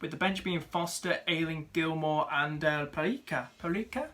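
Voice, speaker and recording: A young man gives casual, upbeat ratings of viewers' fantasy football teams, scattering fillers and friendly asides and calling them "mate" and "dude." His bright, forceful voice is fairly high-pitched, delivered at normal speed.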